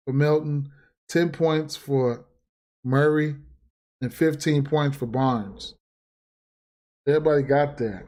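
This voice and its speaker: A man's voice: fairly high pitch, darkish tone. A man ranting casually and profanely on a livestream about sports bets, repeating himself and getting heated. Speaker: sports betting streamer.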